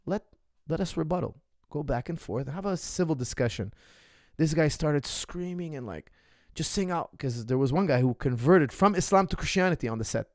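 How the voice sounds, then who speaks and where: A man's voice: on the high side, dry recording. Emphatic man on a dry mic. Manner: emphatic, repeats phrases for stress, swings loud and soft. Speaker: martial arts coach hosting a Q&A. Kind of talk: casual opinion monologue.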